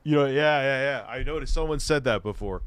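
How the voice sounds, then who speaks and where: A man's voice: medium pitch, quick pace, over a noisy crowd. A man in his forties hosting, talking in rambling, crude jokes with stammering restarts. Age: 40s. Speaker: show host. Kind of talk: casual chat.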